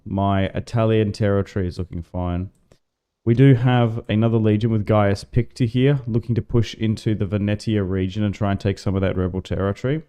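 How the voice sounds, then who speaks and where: An Australian man casually commentating a strategy game on a livestream, relaxed and chatty, swearing now and then. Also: on the low side, clear, resonant tone. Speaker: gaming livestreamer.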